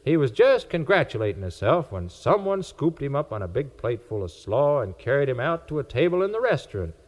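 A man's voice: medium pitch, a little fast. A man, telling a children's story in a folksy 1940s record style. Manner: folksy rural storytelling, lively voices. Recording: old record with music behind.

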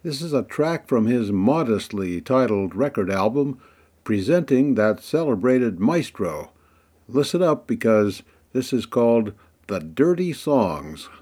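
Man, radio host, chatty, husky, animated pitch. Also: a little slow. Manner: chatty, playfully building suspense. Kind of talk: music radio presenting.

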